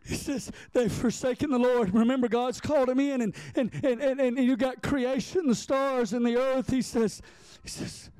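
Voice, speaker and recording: A man preaching a sermon, animated and repetitive, stammering as he builds his points. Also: very high voice, normal speed, clean tone, no room sound. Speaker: pastor.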